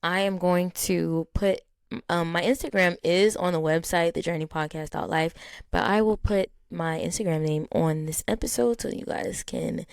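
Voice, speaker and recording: A woman in her thirties hosting a podcast, talking casually and encouragingly with many pauses and ums. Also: fairly low pitch, gravelly, clear, resonant tone, no room sound, studio quality. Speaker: podcast host.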